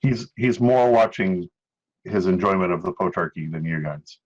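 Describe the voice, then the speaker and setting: Low-voiced man running a tabletop game. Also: moderate pace. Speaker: game master. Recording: dull lo-fi sound.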